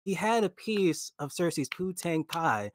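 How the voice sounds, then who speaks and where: A man talking in a casual podcast chat, slangy and animated, acting out his own reactions. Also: a little high, a little slow, dry recording, clean studio sound. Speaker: guest podcaster.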